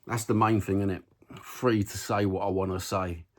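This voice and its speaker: A man's voice: low-pitched, fairly even intonation, normal speed. A young man with a London accent, ranting bluntly to camera about football content, swearing freely in a conversational way.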